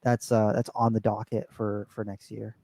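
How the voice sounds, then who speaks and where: A man co-hosting a podcast in casual chat, an animated storyteller who acts out the people in his stories. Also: on the low side, moderate pace, dry recording. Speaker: podcast co-host.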